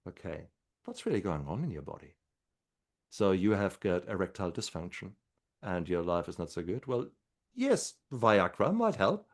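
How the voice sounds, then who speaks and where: A man's voice: deep voice, vocal fry. A man speaking as a guest doctor in a podcast interview, talking in an earnest, encouraging way. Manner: speaks slower when calm.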